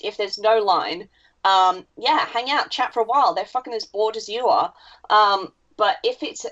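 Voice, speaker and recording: A woman's voice: mid-range voice, fairly bright tone. A woman co-hosting a podcast, giving wry, opinionated takes and swearing freely. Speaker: podcast co-host. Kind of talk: casual chat. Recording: dull lo-fi podcast audio.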